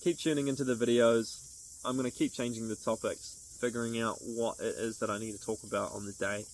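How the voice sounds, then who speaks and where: A man's voice: medium pitch, steady tone, a little fast, a little hiss or hum, rough recording. A man talking to camera as a vlogger in an earnest, rambling, upbeat way, with restarts. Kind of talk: casual motivational monologue to camera.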